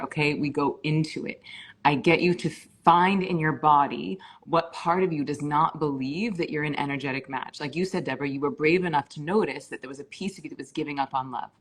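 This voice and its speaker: A woman with a low, husky voice, speaking with fervent intensity and dropping curse words for emphasis. She leads a live stream as a meditation teacher, urging listeners on and driving her points home with conviction. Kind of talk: impassioned live-stream talk.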